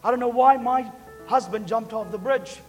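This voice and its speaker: Man voicing a confused widow, high, deadpan. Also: normal speed, long reverb tail, over loud music. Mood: puzzled. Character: puzzled Australian widow.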